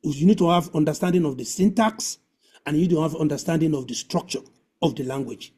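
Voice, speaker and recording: A man's voice: fairly high pitch, brisk, dark tone, husky. A man hosting an online language class over a video call, repeating points and coaching pronunciation. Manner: repetitive, coaching, drills pronunciation. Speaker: webinar host.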